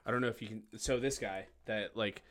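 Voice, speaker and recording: A man's voice: lowish voice, brisk, fairly bright tone. A man co-hosting a podcast in a laid-back, joking way, laughing often. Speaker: podcast co-host. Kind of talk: casual podcast banter.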